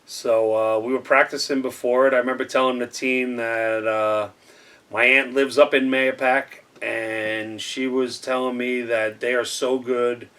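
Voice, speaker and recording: A man's voice: medium pitch, little pitch movement, fairly bright tone, clean tone, far from the mic. Coach guy remembering old games, lots of uhs and restarts, sounds a bit off mic. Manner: halting, lots of fillers. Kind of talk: interview recollection.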